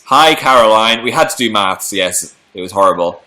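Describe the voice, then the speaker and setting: Bright, chatty British man. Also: on the low side, animated, normal speed. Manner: chatty, playful, reads out viewer comments. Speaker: livestream host reading chat. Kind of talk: casual chat.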